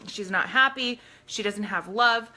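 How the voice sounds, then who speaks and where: Bright-voiced woman hosting a live stream. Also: mid-range voice, unhurried. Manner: earnest, addresses viewers directly. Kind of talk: casual live stream talk and reading aloud.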